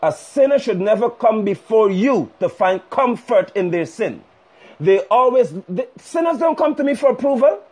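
A man's voice: sits high, expressive, normal speed, a little mellow, husky. A male preacher delivering a fiery, scolding sermon live over a phone stream. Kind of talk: sermon on a livestream. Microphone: phone livestream.

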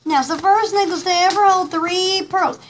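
A woman's voice: very high-pitched, normal speed, a little hiss or hum. A woman hosting a casual live pearl jewelry showcase, gushing and giggling, rambling with lots of fillers. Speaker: host showing pearl jewelry.

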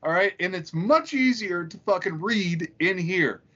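A man co-hosting a comedy podcast, telling crude anecdotes with excitement. His voice is husky and a touch high, and it moves up and down a lot. The sound is slightly dull and lo-fi. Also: unhurried. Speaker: podcast co-host.

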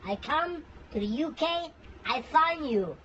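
A menacing cousin speaks broken English with a Romanian accent, as a man puts him on. His voice is bright and sharp, and the muffled, lo-fi recording carries a faint hiss. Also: extremely high pitch, lively intonation, slow, exaggerated voice. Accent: put-on Romanian.

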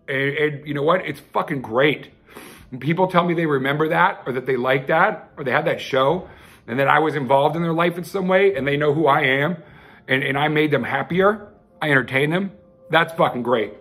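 A man's voice: on the high side, normal speed, fairly bright tone, slightly rough. A man hosting his own loose, rambling sermon, heartfelt and profane, with frequent restarts. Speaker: self-styled televangelist host.

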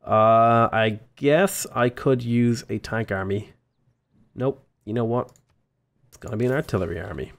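A man's voice: mid-range voice, unhurried, gravelly. Chatty Australian man narrating his game. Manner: chatty, rambling, talks to units. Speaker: gaming YouTuber. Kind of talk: casual let's-play commentary.

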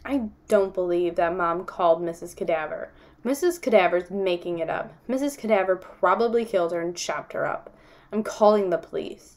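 A woman's voice: on the low side, moderate pace, a little mellow, natural voice. A woman reading aloud, voicing an anxious, insistent young girl who talks earnestly and indignantly. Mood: worried.

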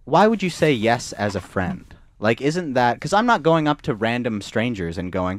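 A young man, co-hosting a podcast and telling a story in a halting, self-deprecating way. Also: mid-range voice, sing-song, no room sound. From Canada. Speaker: podcast co-host. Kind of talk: casual storytelling chat.

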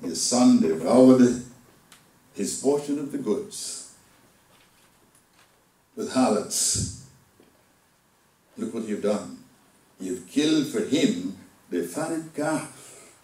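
A man delivering a sermon as a deacon, swinging between loud outbursts and hushed asides. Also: mid-range voice, lively intonation, drawn-out words, pauses often, reverberant, distant mic, rough recording. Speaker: deacon preaching. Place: church hall.

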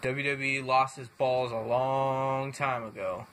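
A man's voice: mid-range voice, steady tone, slow pace, fairly bright tone, slight background noise. A young man ranting angrily and swearing constantly as a fed-up wrestling fan. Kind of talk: angry profane rant.

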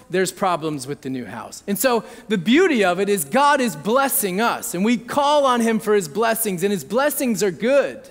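A man's voice: high voice, a bit bright. A man in his thirties preaching a sermon, telling a family story conversationally and often checking in with the audience. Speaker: pastor. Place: church hall. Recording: long hall reverb.

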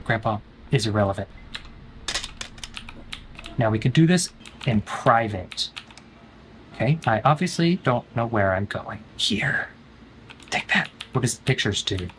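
Excitable man in lively game commentary. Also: mid-range voice, unhurried, pauses often, slight background noise. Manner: excitable, joking, talks back to game characters. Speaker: streamer playing a horror game. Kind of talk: playful gaming commentary.

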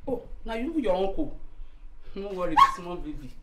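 A brazen Pidgin-talking mistress. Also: female voice, fairly low pitch, very animated, moderate pace, echoey room, very noisy. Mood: teasing. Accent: Nigerian Pidgin. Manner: teasing, cajoling, loud Pidgin banter. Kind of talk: Nollywood film acting.

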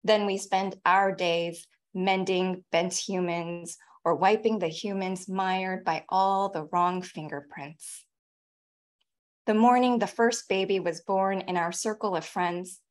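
A woman in her forties, a featured poet, reading her poems slowly and deliberately, then chatting quickly between them over a video call. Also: mid-range voice, fairly even intonation. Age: 40s. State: tearful, voice catching. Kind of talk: poetry reading with spoken asides.

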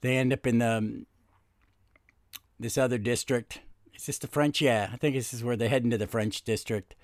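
A man's voice: medium pitch, fairly even intonation, normal speed, dry recording, studio quality. A man hosting a comic book podcast, chatting casually and rambling with many fillers and restarts. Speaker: podcast host.

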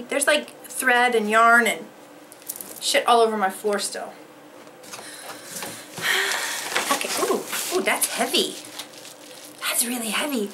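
A woman opening fan mail in casual, unhurried chat, overwhelmed with emotion. Her voice is high and bright, swinging widely as she gasps and swears. A faint hiss sits under the recording. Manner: gasping, excitable, swears freely.

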